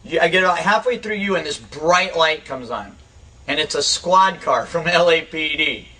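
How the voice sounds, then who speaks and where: A man spins a casual, lively tale in quick bursts, chuckling as he goes. His voice is bright and slightly high. He sits a little back from the microphone. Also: husky, recorded from a distance, rough recording. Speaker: storyteller on a recovery radio show. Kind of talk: casual spoken anecdote.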